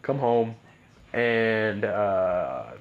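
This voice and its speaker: A man's voice: lowish voice, lively intonation, extremely slow, phone-quality sound. A man casually telling a personal story as a podcast guest, rambling with lots of "like" and "bro" and frequent restarts.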